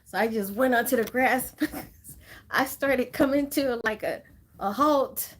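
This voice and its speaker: A woman's voice: a little high, measured pace, slight background noise. A woman from Southern California hosting a casual livestream, chatting and greeting viewers by name with frequent laughs. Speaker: livestream host.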